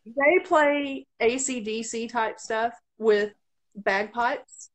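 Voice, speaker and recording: A woman's voice: on the high side, slow pace. A woman from Arkansas with a Southern accent, a radio host chatting casually and giggling over a video call. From Arkansas, USA. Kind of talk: casual live-stream chat.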